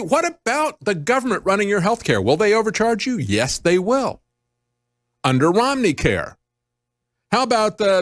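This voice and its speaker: A man's voice: high-pitched, dry recording, clean studio sound. A man hosting an opinionated news commentary show, sarcastic and emphatic, playing with words. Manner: sarcastic, emphatic, wordplay-heavy. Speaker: host.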